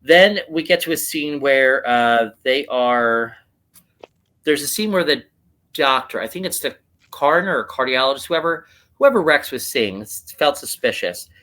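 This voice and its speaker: A man with a bright, forceful voice co-hosts a casual recap podcast. He walks through scenes step by step and slips into quoting the characters' lines as he goes. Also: mid-range voice, expressive, measured pace. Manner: retells scenes, acting out lines in quotes. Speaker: podcast co-host.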